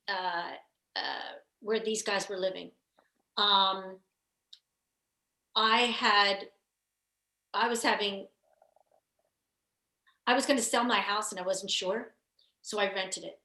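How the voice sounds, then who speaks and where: A woman's voice: medium pitch, bright, forceful tone. A woman guest, an actor, telling stories in a rambling way, full of restarts and "you know.". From Philadelphia area. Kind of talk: casual interview storytelling. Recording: roomy echo.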